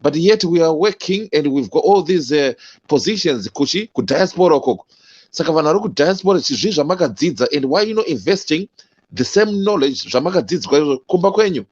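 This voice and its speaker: A man from Zimbabwe moderating a discussion, halting with stammered restarts and mixing English and Shona. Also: on the high side, lively intonation, a little mellow, slightly rough, highs cut off.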